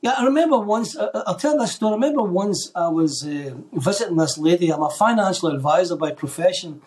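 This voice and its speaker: A man, a podcast guest, telling a faith story in an animated way and acting out the voices of the people in it. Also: high-pitched, fast. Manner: animated storyteller who acts out quoted voices. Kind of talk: telling a faith testimony in conversation.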